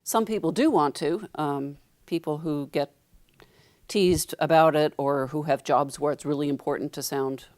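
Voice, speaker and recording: A middle-aged woman, a linguistics professor, explaining things in a measured interview chat with a few fillers. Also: deep voice, a little mellow. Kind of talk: casual interview talk.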